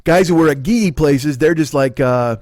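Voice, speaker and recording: A middle-aged man with a Chicago accent hosts a comedy podcast, recorded at studio quality with no room sound. His voice is a little high and a little mellow at a moderate pace, and he tells profane, rambling stories loaded with fillers.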